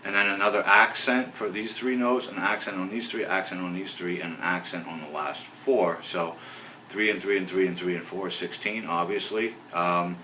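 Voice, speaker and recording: A man teaching a bass lesson in a relaxed, rambling way, counting beats aloud as he explains. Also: moderate pace, a little hiss or hum. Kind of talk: casual video lesson. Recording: roomy, voice from a distance off the mic.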